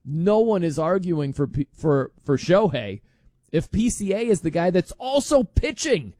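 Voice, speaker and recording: This sports talk show host has a high-pitched, dark voice with big pitch swings and a measured pace, recorded without echo. In his lively monologue he argues forcefully, reacts with incredulous outbursts, imitates other people, and laughs frequently.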